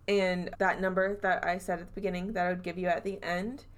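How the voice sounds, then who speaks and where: A woman with a Southern US accent hosting a podcast, telling a spooky story in a chatty, animated way and acting out quotes. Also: on the low side, a little fast, a little hiss or hum. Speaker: podcast host. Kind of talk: casual storytelling chat.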